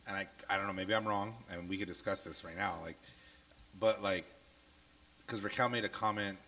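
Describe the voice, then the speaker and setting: Rambling low-voiced man, bright edge. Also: steady tone, moderate pace, slight background noise, poor audio. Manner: rambling, many fillers. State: getting over a cold. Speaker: podcast co-host. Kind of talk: casual podcast talk.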